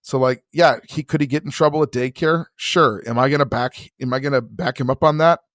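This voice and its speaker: A man's voice: medium pitch, fairly even intonation, a little fast, a bit bright, dry recording. A man chatting on a podcast with easy, frank candor and loose profanity. His voice sits in a middle register. The sound is dry and close, with no room around it. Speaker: podcast co-host. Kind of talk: casual podcast chat.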